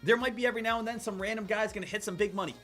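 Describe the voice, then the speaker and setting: A young man from Pennsylvania, fairly high-voiced, talks casually to viewers on a trading stream. He tells stories in an animated, rambling way and keeps coming back to "again" and "right?", with faint background music underneath. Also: rapid-fire. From Pennsylvania, USA. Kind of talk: casual trading livestream talk.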